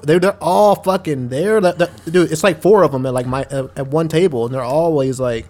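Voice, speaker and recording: A man's voice: fairly high pitch, moderate pace, darkish tone. A man co-hosting a casual podcast, talking in a laid-back, profane way and laughing easily. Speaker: podcast co-host.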